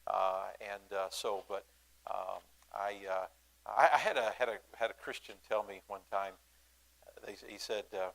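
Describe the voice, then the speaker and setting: A male pastor talks to his congregation in a church. His voice sits low and has a gravelly, creaky edge. He speaks in a folksy, halting way, stopping to restart his sentences and asking the room to say things back to him. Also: steady tone, fairly bright tone, poor audio. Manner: folksy, halting, many fillers and restarts, calls for responses. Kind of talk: church announcements and sermon to a congregation. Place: church sanctuary.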